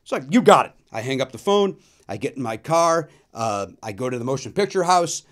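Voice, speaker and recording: A man in his fifties, a comic and host, relates a humorous story in a sing-song, medium-pitched voice. He keeps dropping in quick asides and erupting into sudden loud moments.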